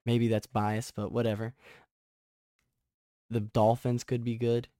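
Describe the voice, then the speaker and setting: Excitable young man hosting a podcast. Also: mid-range voice, slow pace, no echo, studio quality. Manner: excitable, rambling, restarts often. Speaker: podcast host. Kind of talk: casual sports podcast chat.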